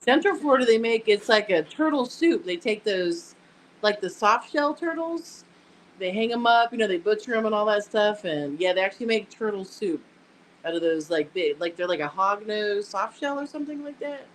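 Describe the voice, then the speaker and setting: A woman's voice: mid-range voice, expressive, normal speed, slight background noise, low-quality recording. A woman in casual live-stream chat who talks in a chatty way, full of "like.". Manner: chatty, lots of "like".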